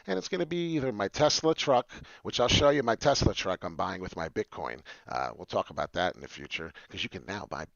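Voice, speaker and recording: A man hosting a crypto show, excitable and rambling, jumping from loud hype to low mutters with many fillers. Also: creaky, no echo, lo-fi sound. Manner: hyped and loud, swings between shouting and muttering. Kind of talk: excited solo crypto talk.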